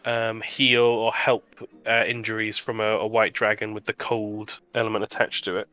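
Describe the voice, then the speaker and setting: Man player, crisp bright tone, muses slowly with ums. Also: fairly low pitch, little pitch movement, faint music behind. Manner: thoughtful, hesitant, many fillers. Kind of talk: casual tabletop role-play.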